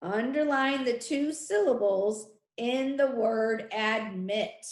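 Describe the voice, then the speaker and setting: A woman teacher slowly dictating spelling words and sentences to her class, repeating each word deliberately. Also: on the high side, roomy sound.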